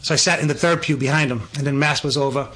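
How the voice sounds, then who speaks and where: A middle-aged man telling a personal story in a casual conversation, earnest and emphatic, getting animated when he quotes people. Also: medium pitch, quick pace.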